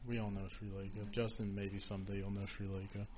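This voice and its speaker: A man in a group discussion tells a story casually and chattily, filling it with "like" and "you know." His lowish voice stays level and moves quickly. The recording is dull and lo-fi with a faint hiss.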